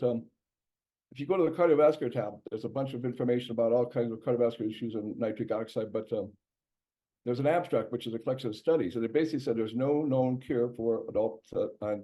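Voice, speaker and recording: A man's voice: medium pitch, dark tone. A man, a doctor, giving a casual health presentation in a conversational way, with many fillers and restarts. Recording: dull lo-fi recording.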